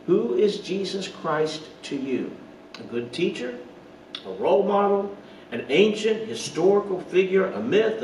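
A man's voice: high-pitched, far from the mic, a little hiss or hum. A man giving an earnest online Bible study sermon, asking rhetorical questions and making small slips and asides. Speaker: pastor. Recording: roomy echo, voice off-mic, faint ambience.

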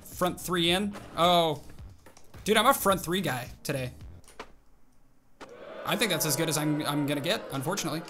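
A young man giving excited, animated commentary on his own gameplay, calling out tricks and reacting aloud. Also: on the high side, normal speed, long pauses, soft background music. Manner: animated, exclaims and narrates tricks to himself. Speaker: gaming video host.

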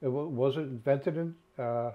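A man's voice: mid-range voice, a little slow. A male co-host with a mid-range voice. He chimes in casually and restarts his sentences often. The audio is dull and lo-fi. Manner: casual, hesitant remarks with restarts. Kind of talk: interview conversation.

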